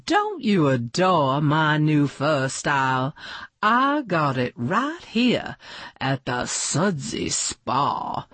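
A woman's voice: sits low, big pitch swings, drawn-out words, fairly bright tone, breathy edge, no room sound, full character voice. A woman voicing a glamorous, gracious lady dog who is a movie star, speaking in a grand, theatrical way.

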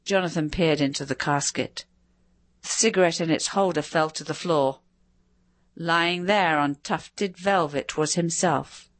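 A woman narrating a story in a measured, expressive reading. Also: fairly low pitch, dry recording. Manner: measured, expressive, varied delivery.

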